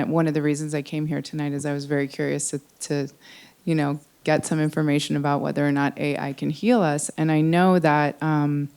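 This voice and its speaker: A woman's voice: low voice, gravelly, darkish tone, smooth. A woman in the audience speaking up at a panel, hesitant with many ums. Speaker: audience member.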